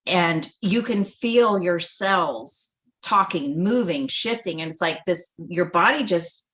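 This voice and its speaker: Animated middle-aged woman telling a story. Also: on the low side, slow pace. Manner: animated, acts out dialogue, laughs often. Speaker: livestream guest. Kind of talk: storytelling testimonial.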